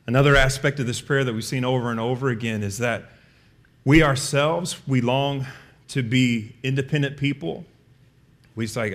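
A man's voice: medium pitch, normal speed. Earnest man preaching a sermon. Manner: earnest, acts out brief comic voices. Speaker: pastor.

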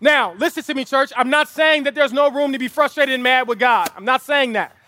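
A man's voice: very high-pitched, brisk, sharp tone, dry recording. A man preaching a sermon as pastor, telling a family story and building to emphatic, repeated rhetorical appeals. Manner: impassioned preaching with vivid storytelling and emphatic repetition. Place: outdoor lawn service.

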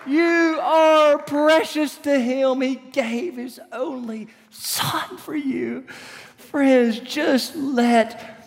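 A man preaching a sermon, moving between hushed whispers and bright, emphatic declarations. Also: very high voice, extremely slow, vocal fry, some chatter behind. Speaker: pastor. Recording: long reverb of a large hall.

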